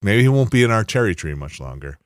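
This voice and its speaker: Male podcast host, lively pitch, dry close mic, rambling casual storyteller. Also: fast talker, dry recording. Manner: rambling storyteller, animated, many restarts.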